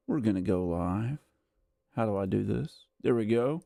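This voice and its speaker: A man's voice: fairly low pitch, expressive, moderate pace, creaky, mellow, no echo, studio quality. A man hosting a casual gameplay livestream, rambling and self-mocking as he chats, tired and worn out. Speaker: gaming livestream host. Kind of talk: casual live gameplay chat.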